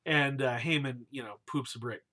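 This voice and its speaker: A man's voice: mid-range voice, moderate pace, pushed and bright. A man retelling a scripture story casually and playfully, cheering and booing the names as he goes, in slangy speech.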